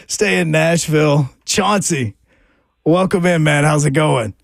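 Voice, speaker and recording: A man co-hosting sports talk radio. His voice sits high and grainy, and he rambles through self-deprecating jokes. The studio sound is close and dry. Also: a little slow, vocal fry, no room sound. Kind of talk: casual radio banter. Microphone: studio microphone.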